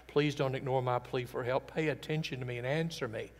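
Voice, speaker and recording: A man preaching a sermon, earnest and emphatic, swinging between loud declarations and quiet, intimate passages. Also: medium pitch, steady tone, a little fast. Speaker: pastor. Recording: long reverb of a large hall.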